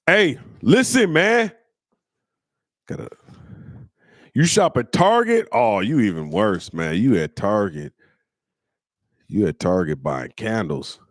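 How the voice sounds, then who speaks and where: A man hosts his own comedy show and roasts his viewers' comments in loose slang. His pitch swings widely, and he cracks himself up. The sound is close and dry, with no room echo. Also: sing-song, takes it slowly, pauses often. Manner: loose, slangy, breaks into laughter. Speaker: comedian host.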